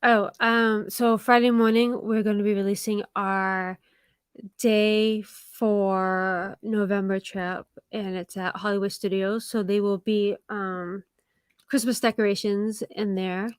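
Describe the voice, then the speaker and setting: A woman co-hosting a casual live stream, laughing often and pausing with fillers as she talks through upcoming videos. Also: medium pitch, level tone, smooth, no room sound, clean studio sound.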